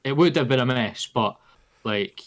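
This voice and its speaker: A man's voice: mid-range voice, animated, normal speed. A Scottish man co-hosting a podcast, chatting and laughing, breaking in with asides. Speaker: podcast co-host. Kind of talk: casual chat.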